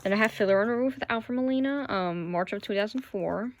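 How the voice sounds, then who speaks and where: A woman's voice: mid-range voice, brisk, slight background noise. Gushing chatty woman. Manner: gushing, chatty, fan enthusiasm, lots of "like" and "oh my god". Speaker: vlogger showing her playbill collection. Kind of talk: casual chat to camera. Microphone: phone.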